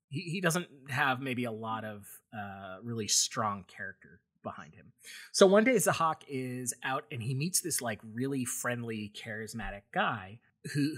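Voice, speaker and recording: A young man retells a story for his podcast co-host. His voice is bright with a husky edge. He rambles, restarting sentences and piling on fillers. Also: mid-range voice. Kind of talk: casual storytelling chat.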